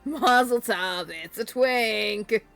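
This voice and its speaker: Slow-talking laughing woman streamer. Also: on the high side, gravelly, fairly bright tone, soft background music. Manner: laughing often, crude swearing, playful storytelling. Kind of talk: casual chat.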